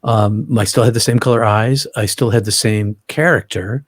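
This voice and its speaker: Low husky-voiced man, halting storyteller. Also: steady tone, dry recording, studio quality. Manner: halting, often restarts and repeats words. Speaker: interview guest. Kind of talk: personal storytelling in an interview.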